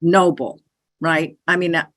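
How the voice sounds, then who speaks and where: A woman's voice: deep voice, fairly even intonation, measured pace, a bit bright, dry recording, clean studio sound. A woman hosting an interview, affirming her guest and asking thoughtful questions. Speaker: interview host. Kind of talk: conversational interview.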